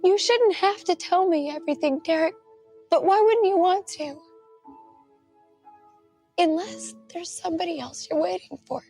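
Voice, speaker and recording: An actress playing a hurt young woman who confronts her boyfriend with slow, pointed accusations in a film scene. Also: very high-pitched, vocal fry, warm tone, dry recording. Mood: hurt, accusing. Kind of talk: film dialogue. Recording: film audio with faint music.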